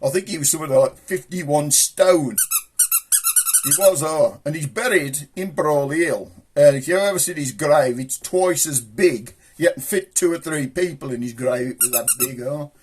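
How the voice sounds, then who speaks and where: A man's voice: a little high, moderate pace, a little mellow, a little hiss or hum. A man with a Black Country accent hosting a puppet show, chatting in broad, cheeky, rambling banter. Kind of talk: comic chat with a puppet.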